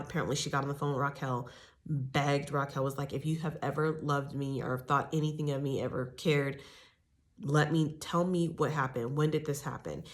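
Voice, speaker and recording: A woman with a low voice talks through a reality show episode in a loose, conversational way. She piles on fillers and side comments and gives her own opinions as she goes. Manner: chatty, opinionated, many fillers and asides. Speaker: reality TV recap host. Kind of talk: casual recap commentary.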